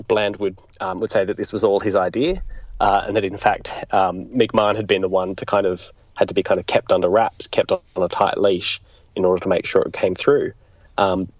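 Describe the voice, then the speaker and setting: A man's voice: lowish voice, darkish tone, dry recording. A man being interviewed as a political biographer, explaining thoughtfully and often restarting his sentences. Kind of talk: conversational history interview. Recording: dull lo-fi sound.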